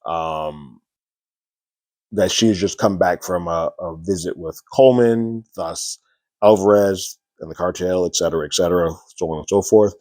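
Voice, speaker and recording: A man's voice: sits low, normal speed, darkish tone, no room sound. A man reviewing a TV episode in a casual, rambling recap full of "sort of" and "like". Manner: rambling, many "sort of" and "like" fillers.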